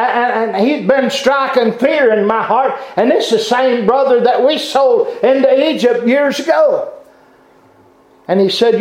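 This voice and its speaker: A man preaching a sermon, fervent, with halting restarts and bursts of shouting. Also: very high voice. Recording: echoey room, dull lo-fi sound.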